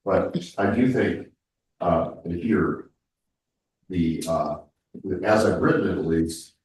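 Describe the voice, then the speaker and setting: A congested man with a low, slow, somewhat mellow voice leads a town board meeting, rambling through the public discussion with many restarts. The mic is far off in an echoey room.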